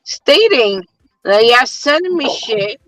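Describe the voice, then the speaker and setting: A woman's voice: high voice, animated, takes it slowly, a bit bright, no echo, rough recording. A woman who works as a delivery driver, making short, blunt remarks in casual chat.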